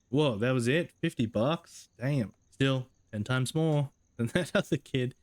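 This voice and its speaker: A man's voice: medium pitch, measured pace, no room sound. A young man joking and laughing as he comments on a game he plays. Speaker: streamer. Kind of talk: let's play commentary.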